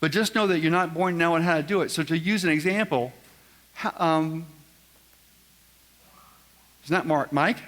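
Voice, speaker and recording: Man at a live seminar, fairly high-pitched, quizzes the crowd with folksy jokes, long reverb of a big room. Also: normal speed, long pauses, a bit bright. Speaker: seminar speaker. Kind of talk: live seminar talk to an audience. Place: large event room with audience.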